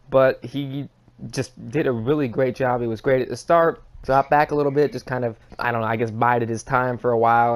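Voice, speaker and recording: A man co-hosting a casual racing podcast, swearing freely and ranting bluntly. His voice sits in an ordinary middle pitch. The talk is loose and unscripted. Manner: profane, blunt and heated. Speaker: podcast co-host. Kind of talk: casual sports podcast rant.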